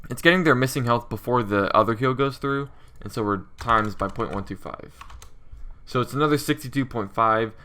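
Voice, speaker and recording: Low-ish bright-voiced guy rambling through his game code, lots of ums. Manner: thinks aloud with many fillers. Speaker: indie game developer. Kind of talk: casual coding walkthrough.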